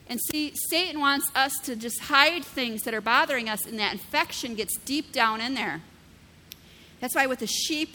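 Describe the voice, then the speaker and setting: Lady pastor giving a sermon, bright kinda high voice, keeps saying right?, long church echo. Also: a little hiss or hum. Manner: conversational, keeps asking "right?"; vivid everyday illustrations.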